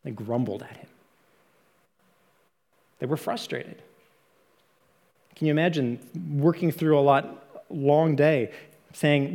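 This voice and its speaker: An earnest man preaches a sermon, working through the text and posing rhetorical questions. His voice sits a little high for a man. It rings out with a long reverb, as if he is in a large hall. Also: expressive, unhurried, creaky, pauses often, darkish tone, slightly rough. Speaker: pastor.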